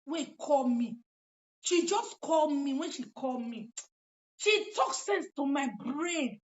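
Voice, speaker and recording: High-voiced Nigerian woman ranting. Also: slow. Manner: animated, emphatic ranting with repeated phrases. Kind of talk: casual monologue mixing Pidgin and local languages. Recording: dull lo-fi recording.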